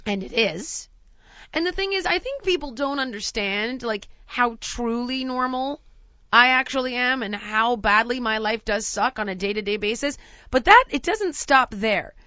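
A woman in her forties with a somewhat high voice tells a funny story about herself, mocking herself and acting out each person she quotes. The sound is dry and a little dull, as if from a lo-fi recording. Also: moderate pace, no echo. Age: 40s. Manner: animated, self-mocking, acts out quoted people. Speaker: guest telling a story. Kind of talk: comedic storytelling.

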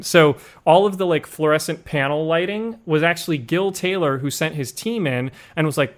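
Male podcast host, higher voice, chatty anecdotal delivery. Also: fairly quick, few pauses. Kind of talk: casual storytelling chat.

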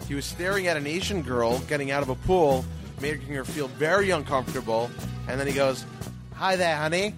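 A man's voice: medium pitch, brisk, over music. A man who is a guest on a comedy talk show, telling stories in a casual, easygoing way. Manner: casual, storytelling.

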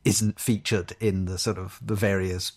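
A man's voice: low-pitched, flat delivery, unhurried, a little mellow. A British man on a podcast panel speaking thoughtfully with a lot of fillers. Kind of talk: casual chat.

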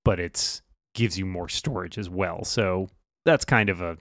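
Low, dry-voiced man musing in a chat. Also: measured pace, fairly bright tone, no echo. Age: 40s. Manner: musing, thinks aloud. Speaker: podcast co-host. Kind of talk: casual chat.

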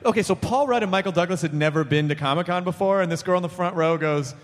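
A man's voice: high voice, fast talker. A man hosting a casual podcast, joking around and trying out silly accents. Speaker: podcast host. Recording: hall reverb, faint noise.

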